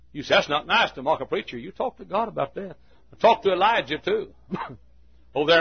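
An older preacher with a husky voice delivers a folksy sermon, chuckling between lines. He drops to near-whispers, then climbs to ringing, emphatic peaks. The recording sounds a little dull and muffled. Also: fairly high pitch, lively intonation, brisk. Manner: folksy storytelling preacher, chuckling, swinging from hushed to shouting. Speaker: pastor. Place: church.

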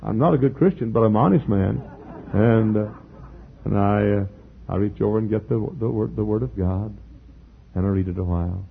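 A man's voice: fairly low pitch, moderate pace, vocal fry, a little hiss or hum. An older man preaching a sermon in an earnest, folksy storytelling way. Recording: tinny phone-like sound.

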